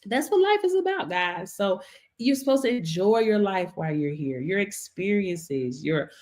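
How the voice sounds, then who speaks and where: A woman's voice: mid-range voice, lively intonation, moderate pace, a little mellow. Chatty motivational woman on a live stream. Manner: chatty, repetitive, laughs often, asks "you see what I'm saying?". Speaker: business coach on a live audio stream.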